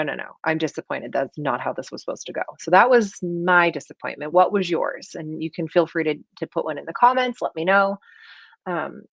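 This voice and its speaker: A woman's voice: lowish voice, no room sound. Chatty woman coach, dry sound. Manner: chatty and animated, acts out quoted voices. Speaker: performance coach. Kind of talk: casual coaching talk to an online audience. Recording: dry, slightly dull lo-fi sound.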